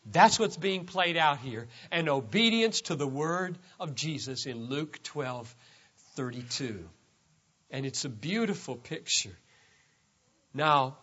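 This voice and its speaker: Emphatic high-voiced male preacher. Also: big pitch swings, unhurried, dull audio. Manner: emphatic, repeats key words, swings between loud stresses and quiet drops. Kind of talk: sermon.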